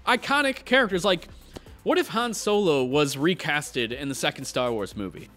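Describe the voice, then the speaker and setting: A man's voice: a little high, normal speed, faint music behind. A man ranting passionately as a video game commentator. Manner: passionate, animated. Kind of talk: opinionated rant.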